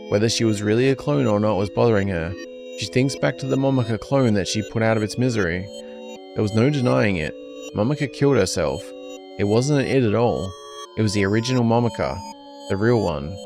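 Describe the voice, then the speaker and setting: Low gravelly man reading game text. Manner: plain narrating, with casual asides. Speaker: gaming YouTuber. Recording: game music underneath.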